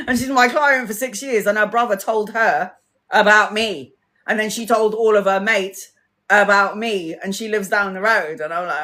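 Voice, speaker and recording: A woman tarot reader chatting casually on a live stream, an animated storyteller who swears freely and acts out what others said. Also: medium pitch, normal speed.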